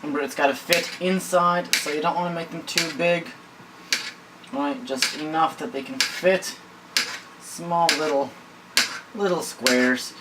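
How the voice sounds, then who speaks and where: A man's voice: fairly high pitch, steady tone, unhurried, pauses often. A man hosting a casual home cooking demo, rambling and cracking goofy jokes. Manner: rambling, goofy, joke-telling. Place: home kitchen. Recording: voice from a distance, faint kitchen noise.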